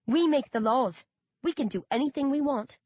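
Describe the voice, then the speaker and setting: A woman's voice: high voice, normal speed, a little mellow, no echo, highs cut off, voice pushed up. A woman voicing a cold, bored and cruel rich man who sneers in a languid way, in an audiobook.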